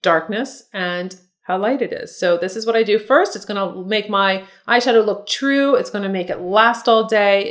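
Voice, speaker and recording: Chatty, encouraging woman makeup artist. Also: mid-range voice. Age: middle-aged. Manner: chatty and encouraging, talks to viewers as ladies. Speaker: makeup artist and beauty vlogger. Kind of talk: casual makeup tutorial talk.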